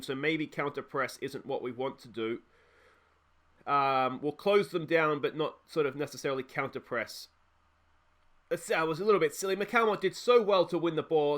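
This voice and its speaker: A young man with an Australian accent, hosting a let's play and giving chatty, excitable live commentary on a football management game, often talking to his players. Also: a little high.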